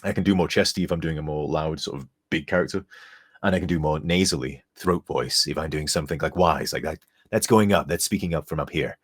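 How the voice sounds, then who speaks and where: A man's voice: a bass voice, brisk, breathy edge. A young man chatting casually on a live stream, rambling and reading donor messages aloud. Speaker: streamer and modder.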